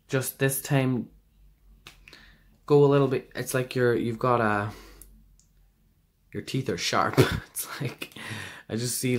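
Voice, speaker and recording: A man giving a casual pick-a-card tarot reading, rambling and hesitant, with many fillers and restarts. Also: medium pitch. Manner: rambling and hesitant, full of fillers and self-corrections.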